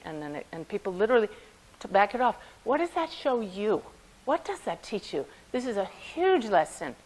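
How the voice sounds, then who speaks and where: A woman, a medium, telling lively personal stories to a conference audience, often laughing as she speaks. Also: a little high, rough recording. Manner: animated anecdotes with frequent laughter. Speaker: medium giving a talk. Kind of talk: storytelling talk to an audience.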